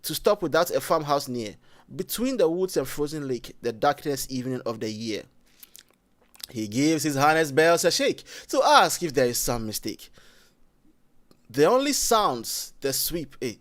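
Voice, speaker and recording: A Ghanaian man hosting a casual livestream, his voice sitting a little high for a man. He rambles, thinks aloud and keeps restarting his sentences. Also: sing-song, normal speed. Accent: Ghanaian English. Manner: rambling, thinks aloud with frequent self-corrections. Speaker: livestream host.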